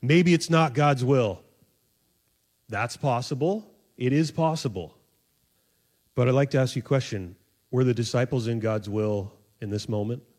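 Male preacher, conversational sermon, jokey, plays out voices, medium pitch. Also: a little slow, long pauses. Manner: animated, acts out voices of the disciples with sudden high squeaks; conversational, jokey, laughs at himself. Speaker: pastor.

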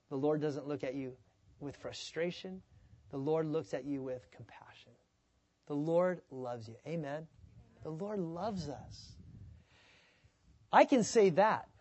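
A man preaching a sermon as pastor, in a conversational, animated way, sometimes acting out the voices of the people he quotes. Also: on the high side, no room sound.

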